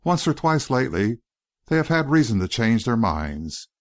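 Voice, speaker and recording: A man narrates an audiobook from a script, telling the story in a measured, expressive way. His voice is mid-range, and the studio-quality audio has no echo.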